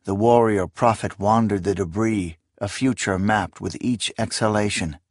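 A man reading fantasy narration aloud in a solemn, deliberate manner. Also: lowish voice, dry recording, studio quality. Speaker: audiobook narrator.

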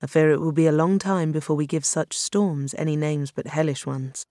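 A reader voicing a calm, courteous woman lunar explorer who speaks in a measured, formal way. Her reassurances come out gentle and unhurried. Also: low-pitched, dry recording, studio quality, lightly acted. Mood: grave.

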